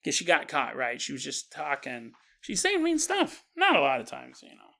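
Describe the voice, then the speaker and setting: A man hosting a podcast, telling a story in a casual, animated way and joking and laughing as he goes. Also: fairly high pitch, moderate pace, vocal fry. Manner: animated, jokey, laughs often. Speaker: podcast host.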